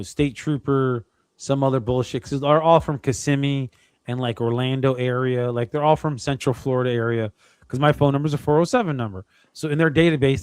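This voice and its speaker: A man's voice: mid-range voice, clean tone, dry recording. A man co-hosting a casual podcast, telling profane stories and acting out phone calls. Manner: profane, animated storytelling, acts out calls. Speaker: podcast co-host. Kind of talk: casual chat.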